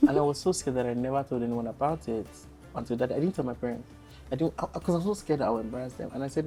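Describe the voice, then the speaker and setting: A young Nigerian man in his twenties chats as a podcast guest, animated and quick to laugh. His voice sits at a middle pitch with a warm, mellow color. Faint music plays underneath. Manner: animated, chatty, laughs easily. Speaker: podcast guest, content creator. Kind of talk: casual storytelling interview.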